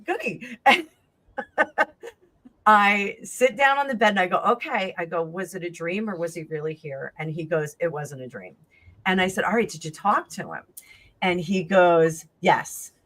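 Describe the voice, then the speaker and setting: Chatty woman with a lowish voice. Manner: rambling, animated, acts out quoted dialogue. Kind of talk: casual storytelling on a live stream.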